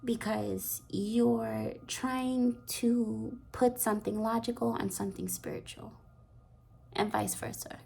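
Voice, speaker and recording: A woman with a slightly high, breathy voice and a gravelly fry gives an intuitive card reading. She talks in a soft, meandering way, often sinking into a half-whisper. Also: steady tone, slow. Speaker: tarot card reader.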